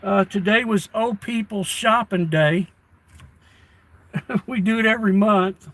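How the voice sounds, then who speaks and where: A man's voice: high-pitched, slow, a bit bright, low-quality recording. An older man chatting casually on a livestream, folksy and given to rants, reading his chat off a tablet. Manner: folksy, ranting. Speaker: live streamer.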